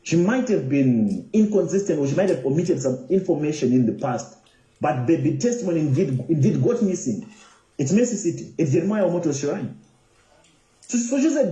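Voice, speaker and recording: A man's voice: on the high side, animated, a little fast, dark tone, reverberant, rough recording. A Nigerian man giving commentary, insistently repeating his questions. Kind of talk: casual commentary.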